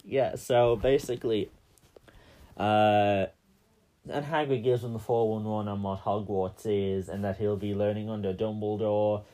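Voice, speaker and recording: A man's voice: on the low side, steady tone, measured pace, dark tone. A man co-hosting a casual podcast, recapping a film in a joking, rambling way with lots of fillers. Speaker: podcast co-host.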